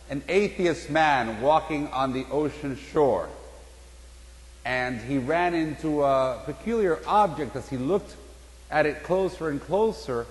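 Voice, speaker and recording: A priest giving a casual, storytelling sermon, telling a joke before turning to the gospel. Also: male voice, a little high. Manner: storytelling, animated in quoted voices. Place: church. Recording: echoey church hall with long reverb.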